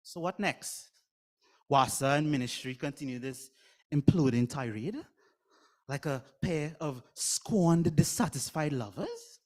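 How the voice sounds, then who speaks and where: A man's voice: fairly high pitch, animated, unhurried, darkish tone. A man with a Trinidadian accent performing a comic spoken word poem in a theatrical way. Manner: comic, theatrical delivery with mock voices. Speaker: slam poet.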